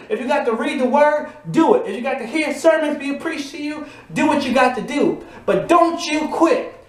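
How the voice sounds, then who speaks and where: A man preaching a motivational sermon, building to emphatic repeated refrains. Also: very high-pitched. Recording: echoey room.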